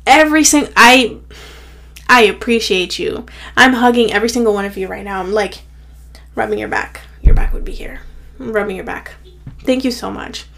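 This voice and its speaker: A woman's voice: on the high side, normal speed, gravelly, fairly bright tone. Chatty young woman podcast host. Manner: chatty, rambling, heavy filler "like". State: a bit out of breath and tired. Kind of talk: casual solo podcast pep talk.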